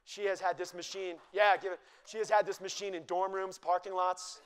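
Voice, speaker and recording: Chatty, wisecracking man demoing a dish for a live crowd, fairly high voice. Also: flat delivery, brisk, clear, resonant tone. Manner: joking, teasing and chatty with the crowd. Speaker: chef giving a live cooking demo. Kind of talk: live cooking demonstration to an audience.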